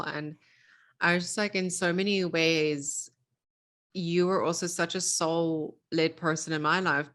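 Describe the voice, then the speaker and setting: A woman's voice: deep voice, a bit bright. A young woman coach, a guest on a podcast, talking in a casual, heartfelt way, gushing and laughing. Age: young adult.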